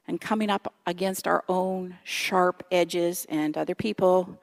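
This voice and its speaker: A woman in her fifties preaches in a church in a relaxed, chatty way. Her voice has a gravelly edge, and she keeps turning to the congregation with little questions. She pokes fun at herself as she talks. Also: on the low side. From Canada. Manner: chatty, self-deprecating, asks the audience questions. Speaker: guest speaker. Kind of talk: conversational sermon. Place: church sanctuary.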